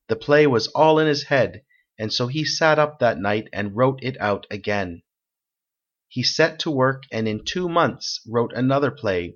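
A man reads a story aloud in steady, measured narration. His voice sits at an ordinary middle pitch. The recording sounds dull and lo-fi.

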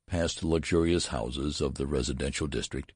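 A man narrating a story aloud with expressive delivery. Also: a bass voice, moderate pace, slightly rough, dry recording, clean studio sound.

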